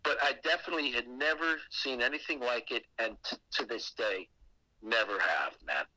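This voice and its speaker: A man telling a creepy personal story on a podcast in a casual, animated way, swearing often. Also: mid-range voice, normal speed, dry recording, rough recording. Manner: animated and heavily profane, with acted asides. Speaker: guest telling a ghost story.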